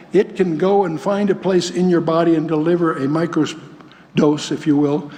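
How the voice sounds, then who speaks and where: Older guy teaching bible stuff to a crowd, kinda high voice, folksy w/ dry little jokes, long echo in a big hall. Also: darkish tone. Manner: folksy, asks the audience questions, dry asides. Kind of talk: lecture to a live audience.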